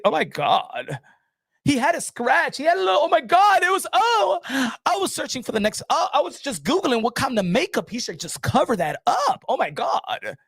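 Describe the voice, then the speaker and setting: Animated, mocking New man ranting. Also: high-pitched, slightly rough, no echo, studio quality. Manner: loud, mocking, laughing, with stammered restarts. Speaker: boxing commentator.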